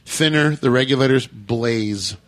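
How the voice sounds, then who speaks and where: A man hosting a casual podcast chat, joking and teasing his guests. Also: medium pitch. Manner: joking, teasing, quick banter. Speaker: podcast host.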